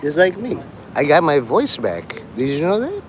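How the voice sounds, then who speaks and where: A man's voice: fairly high pitch, wildly swooping pitch, normal speed, a little hiss or hum. Profane, joking man livestreaming. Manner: profane, joking, laughs often. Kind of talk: rambling livestream chat.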